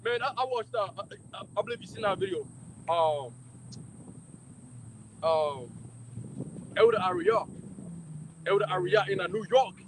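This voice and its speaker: A man with a strikingly high voice preaching in a fiery, confrontational way. He talks loudly and with heavy emphasis, swears freely and mocks anyone who objects. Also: sing-song, measured pace, pauses often, a little hiss or hum, poor audio. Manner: loud, profane, emphatic, mocking critics. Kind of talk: fiery street-style preaching.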